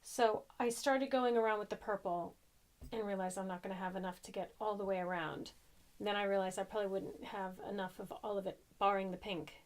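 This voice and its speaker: An American woman, a young adult, chatting casually and rambling a bit as a crochet podcaster, cheerfully self-deprecating. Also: mid-range voice. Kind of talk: casual chat.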